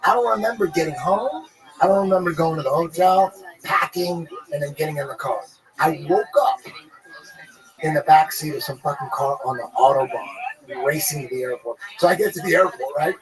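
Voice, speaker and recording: A man telling a rambling, profane story in casual podcast chat, animated and full of restarts. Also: a little high, normal speed, a crowd in the background, rough recording.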